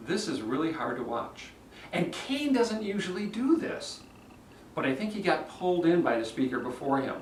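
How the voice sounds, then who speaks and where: A man's voice: on the high side, a little hiss or hum. A man working as a public speaking coach, critiquing speeches on video and acting out the delivery habits he describes. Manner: animated, demonstrates delivery himself. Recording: roomy echo, mic at a distance.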